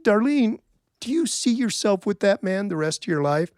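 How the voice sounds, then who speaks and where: A man's voice: high-pitched, very animated, moderate pace, darkish tone, clean tone, dry recording, pitched above the performer's own voice. A storyteller voicing a blunt, scheming old ranch father who speaks dry and plain. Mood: sly.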